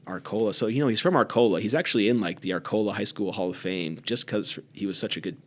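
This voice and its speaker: Man, lowish voice, casual podcast storytelling, relaxed, mimics voices in quotes. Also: quick pace. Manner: relaxed, acts out quoted voices with raised pitch. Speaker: podcast co-host.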